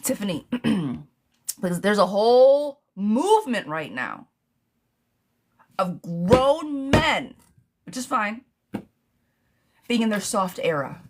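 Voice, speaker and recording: A woman's voice: medium pitch, big pitch swings, takes it slowly, long pauses. A woman giving a chatty live tarot reading, calling viewers darling and girl as she answers their questions. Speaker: tarot reader.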